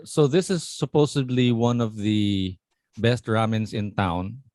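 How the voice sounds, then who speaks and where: A man's voice: lowish voice, a little slow, a little mellow. Teasing chatty man co-hosting. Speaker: podcast co-host. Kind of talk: casual chat.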